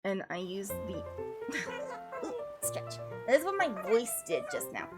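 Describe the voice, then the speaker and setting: Animated, joking woman streamer. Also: mid-range voice, normal speed, over loud music. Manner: joking, self-deprecating, chatty. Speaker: streamer and classical vocalist. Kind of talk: casual livestream chat with vocal warm-ups.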